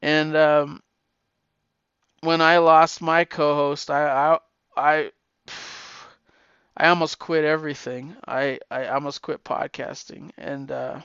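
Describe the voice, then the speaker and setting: A middle-aged man and podcaster giving a heartfelt, emotional message, halting and repeating his words, tearful at times. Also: fairly high pitch, little pitch movement, a bit bright, clear, resonant tone, dry recording, lo-fi sound.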